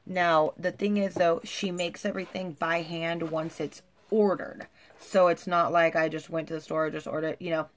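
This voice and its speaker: A woman's voice: fairly low pitch, fairly even intonation, normal speed, few pauses. A woman vlogging at home in a chatty, gushing way, full of "like" and "you guys". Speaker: lifestyle vlogger. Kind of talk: casual chat to camera.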